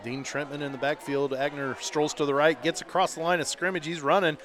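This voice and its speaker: A man doing play-by-play commentary for a local high school football radio broadcast, chatty and rising with excitement on big plays. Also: a little fast, background noise. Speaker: play-by-play announcer. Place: outdoor stadium broadcast booth.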